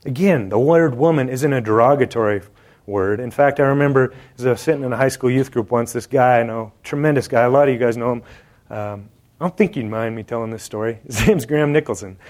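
A man with a medium-pitched, darkish voice preaches fairly quickly in an indoor hall. His sermon is conversational and joking, and he speaks directly to the congregation.

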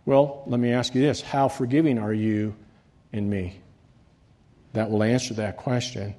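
Animated preaching man, warm voice. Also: medium pitch, unhurried. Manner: animated preaching, swings between loud rises and quiet drops. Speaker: pastor. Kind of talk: sermon.

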